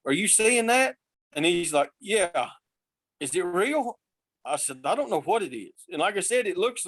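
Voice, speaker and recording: Man, fairly high voice, dry close sound, storyteller who voices his characters. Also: no room sound. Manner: lively, acts out quoted voices. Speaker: podcast guest telling road stories. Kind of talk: casual storytelling.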